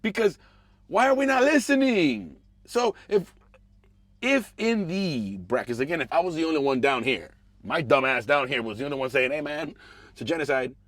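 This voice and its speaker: Male podcast host, casual political rant with lots of swearing, lively and varied pitch. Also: moderate pace. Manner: animated, profane, swings between mumbling asides and raised outbursts.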